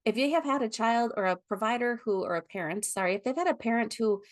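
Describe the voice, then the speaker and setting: A woman leading a foster care training lecture, explaining gently with frequent ums and self-corrections. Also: fairly high pitch, fast talker.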